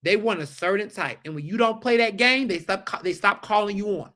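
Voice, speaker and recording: A man talking as a podcast guest in casual chat, emphatic and animated, repeating points for effect. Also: high-pitched, fairly quick.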